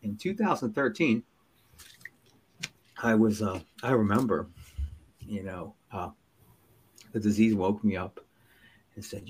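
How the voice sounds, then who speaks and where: A man telling his own recovery story as a podcast guest, earnest and halting, with many restarts and dips to near whispers. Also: lowish voice, slight background noise. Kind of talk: personal storytelling in an interview.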